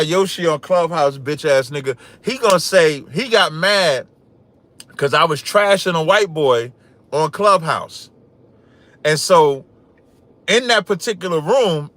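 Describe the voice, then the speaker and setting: Male podcast host, naturally loud and cocky, trash-talks with a sharp, forceful edge and reads scripture aloud. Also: fairly high pitch, lively intonation, measured pace, dry recording. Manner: loud, boastful, trash-talking. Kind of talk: livestream commentary with scripture reading.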